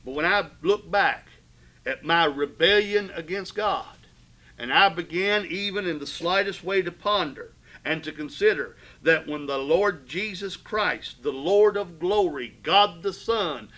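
A preacher delivers a fervent sermon, his bright, forceful voice sitting a touch high for a man. He swells loud on key phrases and falls hushed on others, addressing the congregation directly. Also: unhurried, rough recording. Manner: fervent preaching with sudden swells and drops in volume. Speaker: pastor.

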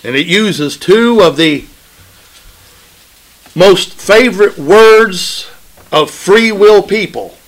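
A man's voice: high-pitched, a bit bright, rough recording. A man preaching a sermon, emphatic and repetitive, often asking his listeners "right?" in a call-and-response way. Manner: emphatic, repeats phrases for stress.

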